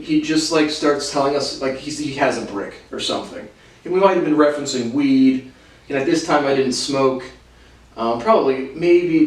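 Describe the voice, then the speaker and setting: A young man telling casual stories with lots of laughs, restarts and fillers. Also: medium pitch. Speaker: podcast host. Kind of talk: casual storytelling. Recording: roomy, distant from the mic.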